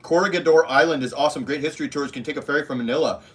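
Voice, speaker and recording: A blunt, foul-mouthed man chats through a livestream, answering his viewers' comments. His voice has a bright, forward edge. He talks casually and crudely, and he sometimes mimics the people in his stories. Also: a little high, very fast, husky. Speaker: livestream host reading chat.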